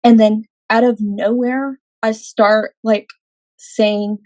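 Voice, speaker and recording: A woman's voice: on the high side, level tone, slow pace, darkish tone, no echo, low-quality recording. A young adult woman, a podcast guest, telling a personal faith testimony in an earnest way, acting out her own quoted words.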